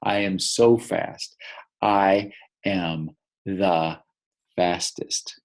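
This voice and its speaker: A man voicing a boastful male coyote in a storybook read-aloud, bragging in a drawn-out way. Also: low-pitched, sing-song, gravelly, slightly rough, pitched below the performer's own voice, heavily acted. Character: boastful proud male coyote, big and fast.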